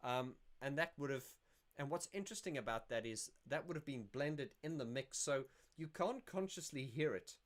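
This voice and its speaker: A man's voice: medium pitch, expressive, normal speed. A man hosting a casual livestream, answering viewer questions in a rambling, self-correcting way. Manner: rambling and self-correcting, sings snippets to illustrate.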